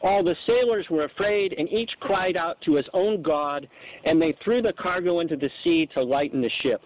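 A man's voice: a little high, normal speed. A man preaching a sermon, acting out the voices in the scripture he reads. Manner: animated, acts out voices in scripture. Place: church. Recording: dull lo-fi recording.

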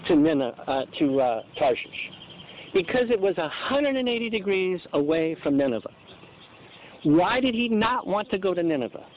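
A man's voice: high voice, a little hiss or hum. A man preaching a sermon, acting out the voices in the scripture he reads. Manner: animated, acts out voices in scripture. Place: church. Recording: dull lo-fi recording.

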